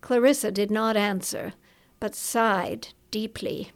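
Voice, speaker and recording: A woman reading a suspense novel aloud in a measured, dramatic storytelling manner. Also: a little high. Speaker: audiobook narrator. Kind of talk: scripted novel narration.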